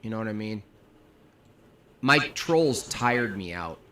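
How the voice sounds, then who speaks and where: A man joining a livestream as a guest, chatting with offhand, deadpan quips. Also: lowish voice, slow. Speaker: guest streamer. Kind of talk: casual livestream chat. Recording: noisy remote stream audio.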